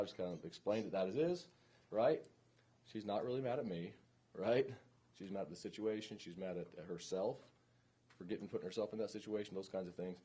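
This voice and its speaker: A man's voice: on the low side, fairly quick, mellow, slightly rough. A man teaching a police training class, speaking informally and often checking in with the room.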